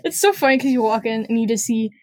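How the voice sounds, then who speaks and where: A woman's voice: fairly high pitch, quick pace, dry recording. A teenage girl chatting casually over a voice call, rambling and giggly as she retells scenes. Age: teens. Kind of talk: casual chat. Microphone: computer mic on a voice call.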